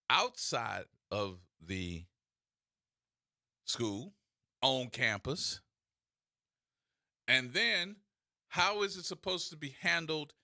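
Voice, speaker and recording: A man's voice: mid-range voice, creaky, pushed and bright, no echo, clean studio sound. A man hosting a radio talk show, delivering opinionated commentary full of sarcastic rhetorical questions.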